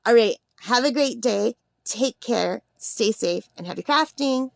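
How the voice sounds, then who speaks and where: Bubbly woman craft host, overtired and giggling, rambling unboxing chat, high-pitched. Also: animated, a little slow, vocal fry, no echo, studio quality. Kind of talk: casual unboxing vlog.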